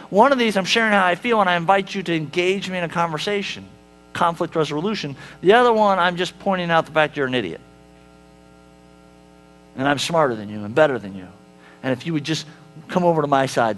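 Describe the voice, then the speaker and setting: A man's voice: a little high, fairly bright tone. A male pastor preaching a sermon in a conversational way, with rhetorical questions to the congregation and wry humor. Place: church sanctuary.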